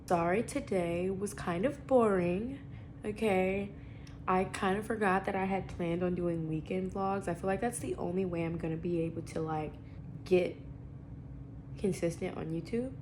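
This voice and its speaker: In this casual vlog chat, a young woman with a lowish voice talks at a moderate pace, with some background noise behind her. She rambles, uses plenty of slang, runs herself down, and sounds slightly sniffly from allergies.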